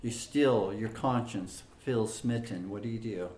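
A man preaches an expository sermon slowly and deliberately, and his voice carries an echo from the room. He builds his points with emphasis and repeats phrases, with plenty of small fillers along the way. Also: lowish voice, a little mellow, slight background noise. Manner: measured, emphatic preaching with frequent fillers and repetitions. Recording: echoey room.

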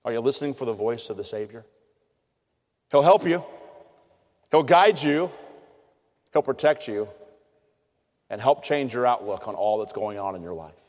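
A man's voice: mid-range voice, expressive, normal speed, pauses often, darkish tone. A middle-aged man preaching a sermon, telling a story in an earnest, conversational way. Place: chapel. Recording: long hall reverb.

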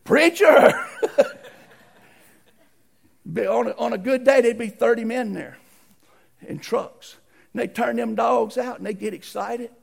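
A middle-aged man preaching a folksy storytelling sermon, animated and acting out the voices in his stories. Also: extremely high pitch, moderate pace, vocal fry, breathy edge.

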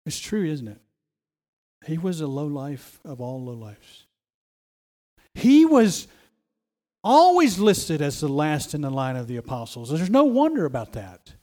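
A man's voice: fairly high pitch, huge pitch swings, measured pace, long pauses, darkish tone. A man preaching a sermon, emphatic, often repeating phrases and restarting as he stresses a point.

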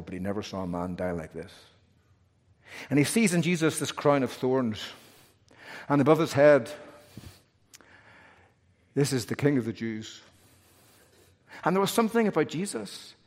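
Man, pastor, sermon, emphatic, rhythmic repetition, long reverb. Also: mid-range voice.

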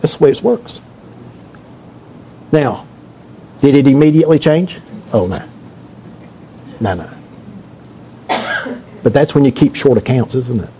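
A man's voice: medium pitch, measured pace, long pauses, dark tone, a little hiss or hum. A man preaching a sermon to his congregation in a church, talking in a conversational, joking way and asking the room questions. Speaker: pastor.

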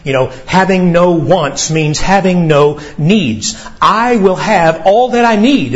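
A male pastor preaching slowly and deliberately, his voice sitting a little high. His earnest delivery lifts on questions. The recording is dull and lo-fi. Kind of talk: sermon.

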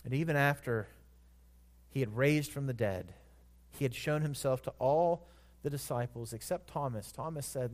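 A man preaching a sermon in a church, earnest, swelling louder on scripture and dropping soft at the ends of phrases. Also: mid-range voice, moderate pace. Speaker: pastor.

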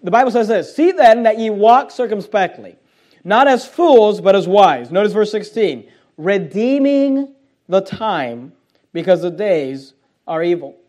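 A man with a high-pitched voice preaches a sermon. He stretches out scripture quotes and leans hard on key words, and he poses rhetorical questions to the congregation. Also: expressive, a little mellow. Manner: emphatic preaching, drawn-out scripture quotes, fillers like uh. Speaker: pastor.

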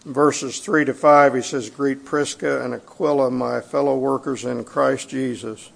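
Man preaching, middle-aged, gravelly, mid-pitched, conversational and halting, church sanctuary. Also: steady tone. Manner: conversational, halting with fillers and restarts. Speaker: pastor. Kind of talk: sermon.

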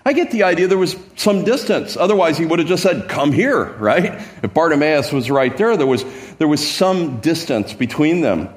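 Man, pastor preaching, slightly higher voice, animated, stammering restarts, hushed to exclaiming. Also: moderate pace. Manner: acts out Gospel scenes, swinging from hushed to exclaiming. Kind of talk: sermon.

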